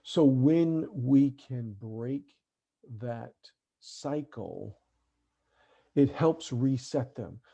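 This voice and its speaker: A middle-aged man with a gravelly, very dark voice, talking earnestly to parents over a video call. The audio is dull and lo-fi, like online call sound. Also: medium pitch, extremely slow. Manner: earnest, tags sentences with "right?". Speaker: parenting speaker. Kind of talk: webinar talk to parents.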